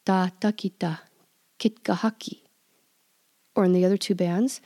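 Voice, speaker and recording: A woman hosting a language lesson podcast, speaking patiently and repeating words slowly for listeners to practice. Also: medium pitch, steady tone, warm tone. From Pawnee community, United States. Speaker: language teacher and podcast host.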